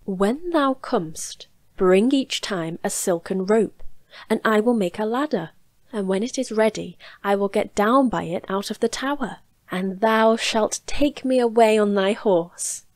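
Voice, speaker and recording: A woman voicing a young, sheltered maiden in a storybook reading, lifting her voice a little higher and speaking gently. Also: measured pace, no room sound, lightly acted. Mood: pleading.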